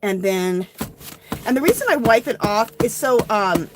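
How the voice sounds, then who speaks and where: A woman hosting a casual livestream art tutorial, chatting easily to her viewers as she works. She talks in a friendly, upbeat way at a medium pitch. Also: animated, moderate pace, heavy background noise. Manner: chatty, addresses viewers as "you guys". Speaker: art journaling host.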